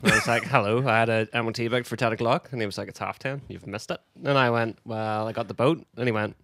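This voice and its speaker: A man with a Northern Irish accent co-hosting a podcast, telling lively stories in casual chat. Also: mid-range voice, fast, no echo. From Northern Ireland. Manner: lively anecdotes with quoted voices, laughing. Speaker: podcast co-host.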